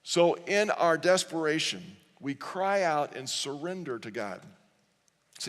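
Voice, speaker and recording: A man's voice: medium pitch, normal speed, fairly bright tone. Earnest man preaching in a reverberant hall. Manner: earnest preaching, reading scripture aloud with the congregation. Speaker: pastor. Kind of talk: sermon. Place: large church sanctuary.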